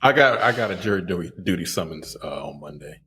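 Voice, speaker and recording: A man co-hosting a podcast in casual chat, animated and profane, quick to laugh. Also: sits low, a little hiss or hum. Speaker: podcast co-host.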